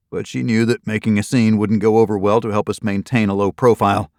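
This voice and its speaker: A man reads a first-person thriller audiobook in a steady, matter-of-fact way. His voice sits low with a gravelly texture. The recording is close and dry, with no room sound. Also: a little fast, few pauses, no echo. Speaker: audiobook narrator.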